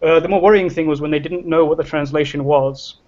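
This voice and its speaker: A man introducing himself as a researcher on a video call, hesitant and self-deprecating with many pauses. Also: a little high, steady tone, a little mellow. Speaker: panel guest, researcher. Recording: dull lo-fi call audio.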